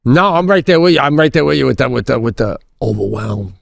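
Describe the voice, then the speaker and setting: A man's voice: medium pitch, fast talker, vocal fry, no echo, studio quality. A middle-aged man co-hosting a podcast, telling stories in casual chat with frequent laughter. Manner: laughing, animated storytelling. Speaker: podcast co-host.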